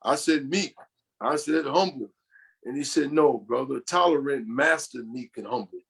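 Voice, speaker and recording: A man's voice: a little high, unhurried, creaky, husky. An older man from New York, a podcast guest, telling long rambling stories about his family and often quoting what others said. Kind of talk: storytelling in an interview.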